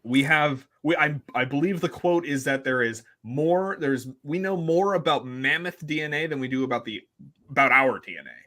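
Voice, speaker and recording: A man's voice: a little high, normal speed, bright, forceful tone. A man, a paleontologist guest, explains science eagerly in a casual interview and laughs easily.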